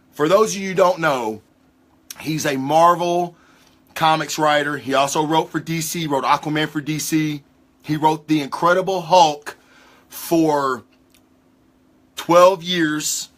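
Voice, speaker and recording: A man hosting his own show talks in a loose, rambling monologue, excitable and full of swearing. His voice sits a little high and has a bright, forceful edge. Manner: rambling, excitable, heavy cursing. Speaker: host. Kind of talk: casual monologue.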